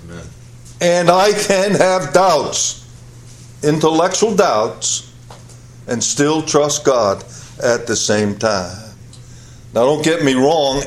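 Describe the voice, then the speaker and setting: Slow, high-voiced preacher man. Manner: emphatic, repeats phrases for weight; dramatic swings between loud high peaks and low quiet drops. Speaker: pastor. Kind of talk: sermon.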